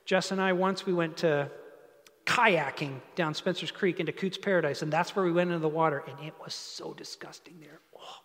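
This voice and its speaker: A man's voice: on the high side, moderate pace, in a large hall. A man preaching a sermon in a conversational, storytelling way. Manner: conversational, animated storytelling with asides. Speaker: pastor.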